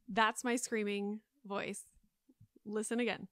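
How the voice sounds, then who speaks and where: A woman's voice: medium pitch, measured pace, a bit bright, no room sound. A woman in her thirties hosting a solo podcast, chatting in a rambling way with lots of fillers, close on the mic. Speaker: podcast host. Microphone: close studio mic.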